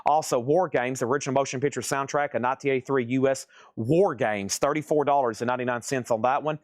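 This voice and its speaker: Fast-patter auction host man. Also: mid-range voice, fairly even intonation, dry recording, clean studio sound. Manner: rapid-fire listing of prices and conditions. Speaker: live sale host. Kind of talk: live-stream auction patter.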